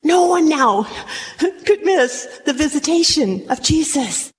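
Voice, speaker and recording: High-voiced woman preaching in a reverberant hall. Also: lively intonation, slow. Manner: dramatic, acts out scripture voices. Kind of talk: sermon. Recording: long hall reverb, faint noise.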